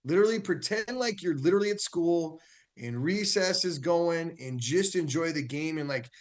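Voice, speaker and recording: A man who coaches youth and high school football, chatting casually as a guest and telling stories with a laugh. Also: moderate pace. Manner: animated storytelling, laughs often. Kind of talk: casual chat.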